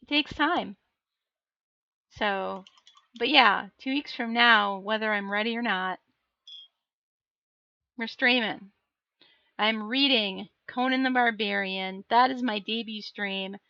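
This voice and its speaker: A woman's voice: mid-range voice, takes it slowly, vocal fry, long pauses, sharp tone, no echo, dull audio. A woman streamer chatting casually on a live stream, laughing often and answering her viewers. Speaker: live streamer and miniature painter.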